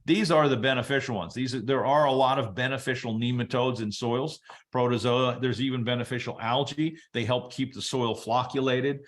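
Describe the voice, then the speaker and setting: A man presenting a webinar, explaining soil biology at a relaxed teaching pace with casual asides. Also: medium pitch, normal speed. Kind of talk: explaining soil science to an audience.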